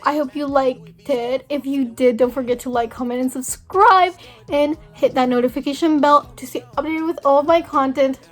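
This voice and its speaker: High-voiced chatty young woman vlogger. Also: steady tone, normal speed. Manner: chatty, valley-girl fillers, acts out dialogue. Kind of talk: casual storytime vlog.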